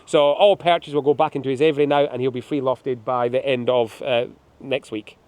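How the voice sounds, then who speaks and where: A man's voice: medium pitch, fairly even intonation, fairly quick, a little mellow. A middle-aged man, a falconer, showing birds of prey outdoors on a windy hilltop, telling chatty, joking anecdotes. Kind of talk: hands-on demonstration with storytelling.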